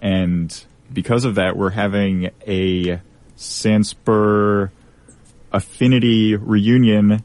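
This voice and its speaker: A young man hosting a college radio show, talking in a measured, thoughtful way. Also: lowish voice, steady tone, darkish tone, dry recording. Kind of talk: casual radio chat.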